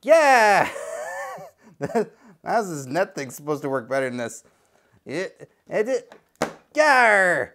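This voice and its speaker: Goofy, animated male unboxing host. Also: sits high, slow pace, long pauses. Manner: playful, rambling, bursts into silly nonsense sounds; jokey asides, talks to the viewer.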